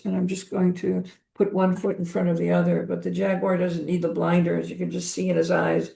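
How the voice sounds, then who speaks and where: Gravelly, low-toned woman sharing spiritual reflections. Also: mellow. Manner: reflective, hesitant with frequent ums. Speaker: podcast guest, psychotherapist. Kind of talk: spiritual interview conversation.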